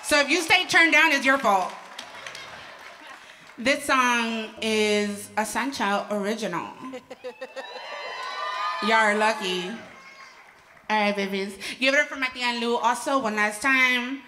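A woman singer hyping up a live audience in a gallery with loud, playful, fast banter before her song. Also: fairly high pitch, fairly even intonation, a crowd in the background, background noise. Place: art gallery hall, live show. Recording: reverberant gallery hall.

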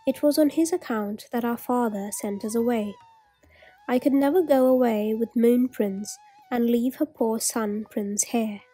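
Storybook eldest prince, young, wise and brave, calm and earnest, unhurried; a woman reads the part. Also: fairly high pitch, husky, faint music behind.

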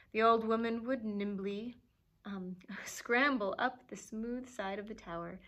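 A woman librarian reading a fairy tale aloud for children, expressive and lively, with playful asides. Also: fairly high pitch. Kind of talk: storybook read-aloud.

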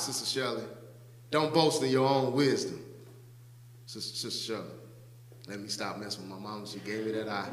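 A man's voice: on the low side, steady tone, moderate pace, pauses often. A male pastor, praying and then preaching a sermon, teasing church members by name and stretching out scripture lines for emphasis. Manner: playful, teasing the congregation by name. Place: church sanctuary. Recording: echoey church hall with long reverb.

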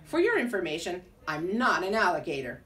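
A woman voicing a startled, indignant young male iguana, squeaking with alarm and primly correcting others, recorded from a distance. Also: very animated, fairly quick, fairly bright tone.

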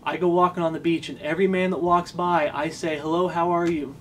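Earnest preaching man, slightly high voice. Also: flat delivery, a little fast, a bit bright, a little hiss or hum. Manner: earnest, emphatic, repeats lines for stress. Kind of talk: sermon.

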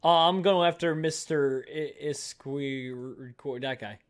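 A man's voice: medium pitch, takes it slowly. A man hosting a casual gaming video, teasing his friend and hyping shots. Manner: teasing, playful, hypes up shots. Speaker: gaming YouTuber host.

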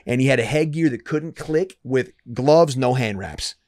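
A man in his thirties from Michigan, telling a story as a podcast guest in a loose, profane, animated way. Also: medium pitch, moderate pace, no room sound. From Dearborn, Michigan, US. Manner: profane, animated, repeats himself when excited. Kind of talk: casual storytelling.

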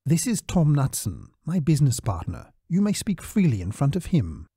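A man voicing a cool, precise private spy who speaks in a courteous, measured way. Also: fairly high pitch, wildly swooping pitch, mellow, slightly rough, no echo, clean studio sound, heavily acted.

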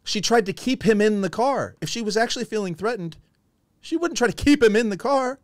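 A man's voice: high-pitched, expressive, a little fast, no room sound, clean studio sound. A man hosting a heated stream debate, combative and profane, mocking the other side. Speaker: stream host.

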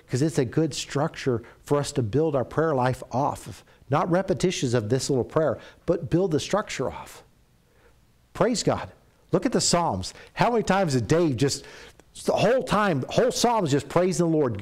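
Man preaching with lively rises and hushes. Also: fairly high pitch, measured pace. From Canada. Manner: storytelling, animated rises and hushed drops. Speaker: pastor. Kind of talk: sermon.

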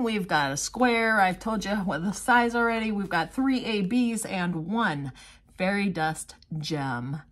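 A woman's voice: medium pitch, a bit bright. A woman craft vlogger giving casual unboxing commentary, gushing with exclamations and chatty asides to her viewers.

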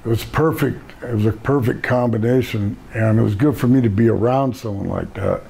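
A man's voice: on the low side, fairly quick, gravelly, dark tone, slightly rough. An older man, a retired pro wrestler, telling rambling laid-back stories in a casual interview and laughing at his own jokes.

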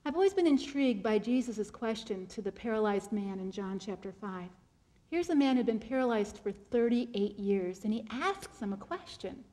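High-voiced woman giving an expressive keynote. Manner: expressive, slows and drops to a soft voice for emphasis; repeats key phrases to drive them home. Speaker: keynote speaker. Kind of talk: faith-based motivational talk.

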